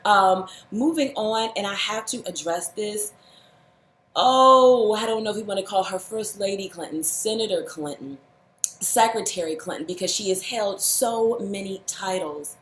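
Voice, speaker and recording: A woman's voice: mid-range voice, a little slow. A woman speaking straight to the camera in a heartfelt, earnest way, holding back tears and at times scolding with fired-up intensity. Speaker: vlogger. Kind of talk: emotional direct-to-camera address. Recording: roomy echo.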